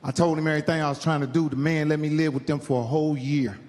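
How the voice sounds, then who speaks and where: A man from Indiana telling a profane stand-up story on stage, acting out the people in it with animated voices. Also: on the high side, fast talker, slight background noise. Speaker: stand-up comedian. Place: comedy stage in a large hall. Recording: live hall reverb, faint crowd ambience.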